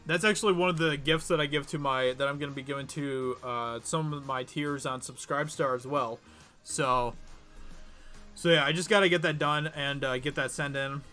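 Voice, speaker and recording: A man's voice: on the high side, fairly even intonation, moderate pace, bright, forceful tone, soft background music. Giggly man chatting on a livestream. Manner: chatty, giggly, reads chat aloud. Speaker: livestream host. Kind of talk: casual livestream chat.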